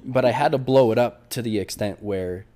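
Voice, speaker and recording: A man's voice: mid-range voice, brisk, mellow. A man co-hosting a casual chat, telling a long story with many false starts and asides.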